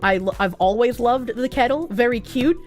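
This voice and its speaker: A young woman streaming, chatting casually and reading out viewer messages, animated and profane, with bursts of giggling. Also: moderate pace, soft background music. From United States. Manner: animated, giggly, profane, with squealing high laughs.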